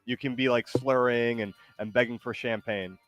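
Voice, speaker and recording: A man's voice: mid-range voice, steady tone, normal speed, lo-fi sound, soft background music. A man hosting a stream in casual chat, loose and teasing, with lots of likes and ums. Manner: loose, rambling, teasing, many fillers. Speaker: streamer host.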